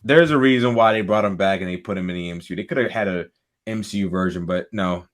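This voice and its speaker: A man co-hosting a podcast in casual chat, excitable, swearing freely and laughing often. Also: low voice, fast talker. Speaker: podcast co-host.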